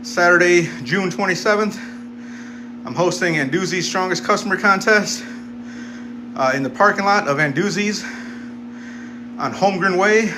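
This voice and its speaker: A man with a slightly high voice talks bluntly between heavy sets in a gym. Steady background noise sits behind him, giving it the feel of a rough workout vlog. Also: normal speed, long pauses. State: out of breath. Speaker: gym vlogger. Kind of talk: casual gym vlog talk.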